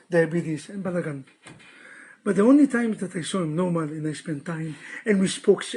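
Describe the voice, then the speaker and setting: A rabbi telling personal stories in animated, broken English during a sermon. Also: male voice, sits high, breathy edge. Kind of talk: storytelling sermon.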